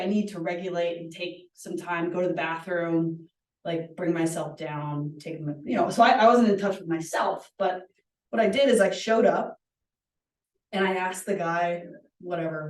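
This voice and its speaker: A woman's voice: mid-range voice, darkish tone. Woman workshop leader, earnest chatty storyteller; echoey room, distant mic. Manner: earnest, chatty, frequent "like" and "right?". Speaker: workshop presenter. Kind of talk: conversational teaching with personal stories. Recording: roomy echo, distant mic.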